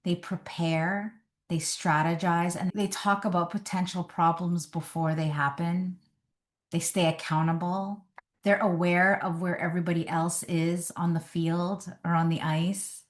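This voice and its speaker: A woman relationship coach giving advice straight to the camera, in a measured, deliberate way with emphatic pauses. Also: fairly low pitch, flat delivery.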